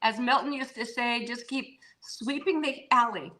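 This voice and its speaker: A woman's voice: on the high side, moderate pace, rough recording. An older woman, an actress, chatting as an interview guest from her home over a video call, with frequent fillers and easy laughter. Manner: warm, chatty, laughs often, trails off with fillers. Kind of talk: casual interview chat. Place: home with pets around.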